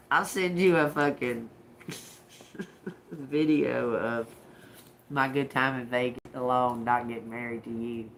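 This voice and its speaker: A woman's voice: extremely low pitch, creaky, fairly bright tone, a little hiss or hum. A woman doing a live-streamed tarot reading, talking bluntly and profanely with folksy slang and frequent laughter. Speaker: tarot reader.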